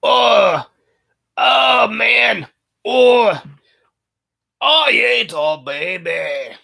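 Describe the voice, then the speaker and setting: A man putting on an impression of a crude, boisterous male film character during a livestream, loud and hooting. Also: very high-pitched, animated, extremely slow, gravelly, pitched above the performer's own voice, heavily acted. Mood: rowdy gloating. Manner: loud, hooting, sing-song.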